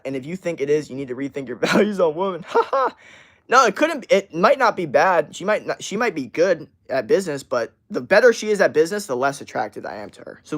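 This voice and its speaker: Male streamer host, blunt and foul-mouthed, rambling rant delivery. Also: on the high side. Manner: profane, blunt and ranting. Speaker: livestream host. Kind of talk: livestream rant.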